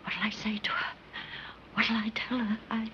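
A frantic old street apple seller, begging in a tearful whisper. Her voice sits a little high. The sound is a muffled 1930s film track with soft hiss. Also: lively intonation, normal speed. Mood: anxious whisper. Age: older. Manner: pleading and whispering in distress. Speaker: film character.

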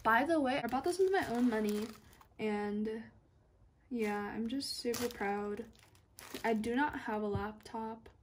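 A young woman filming an unboxing vlog, excited and gushing, sometimes dropping to a whisper. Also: a little high, measured pace, a little hiss or hum. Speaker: YouTuber.

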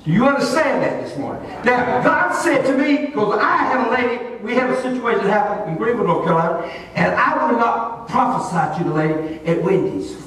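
A male pastor preaching a sermon, telling a folksy story in an animated way. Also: very high voice, fairly quick, a little hiss or hum. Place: church sanctuary. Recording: echoey church hall, distant mic.

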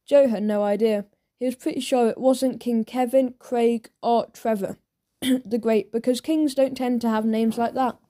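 Woman narrator for a kids' audiobook, lively storytelling, mellow and fairly high. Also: measured pace.

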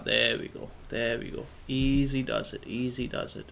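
A man doing casual let's play commentary, coaxing his character along with repeated calm-down phrases. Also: medium pitch, normal speed, creaky, a little hiss or hum. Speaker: gamer.

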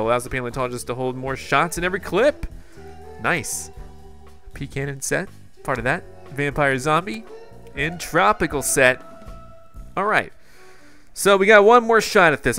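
A young man giving excitable live commentary on a video game, talking to his viewers with jumpy exclamations. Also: mid-range voice, moderate pace, faint music behind. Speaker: gaming YouTuber.

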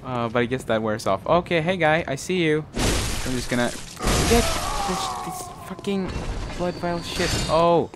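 A man's voice: a little high, animated, a little slow, background noise. A man hosting a let's play who talks jumpily, exclaims often and swears a lot. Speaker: gaming channel host. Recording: game sounds audible behind the voice.

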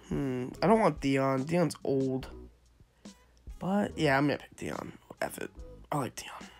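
A young man giving casual, chatty commentary on his gameplay, second-guessing himself as he goes. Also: fairly high pitch. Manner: chatty, self-interrupting, wavering pick by pick. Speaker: gaming YouTuber.

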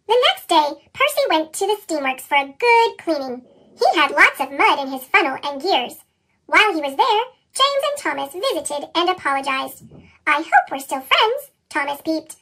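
A woman reading a children's picture book aloud, her voice pitched up into a chipmunk sound, with lively, expressive storytelling. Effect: chipmunk pitch-shifted voice. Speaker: storybook reader. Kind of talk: children's read-aloud narration.

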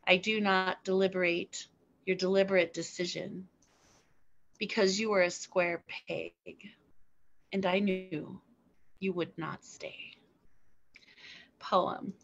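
A woman performing a spoken word poem with a measured, deliberate delivery and weighted pauses. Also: lowish voice, fairly even intonation. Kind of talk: slow spoken word poetry reading. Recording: dull, slightly lo-fi sound.

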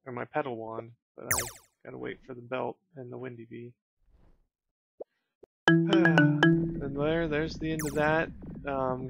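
A man's voice: medium pitch, gravelly, no echo, highs cut off. A man hosting a gaming video, chatting casually as he reads out quest text and rewards. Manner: relaxed, chatty, reads game text aloud. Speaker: gaming channel host. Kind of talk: casual let's-play commentary.

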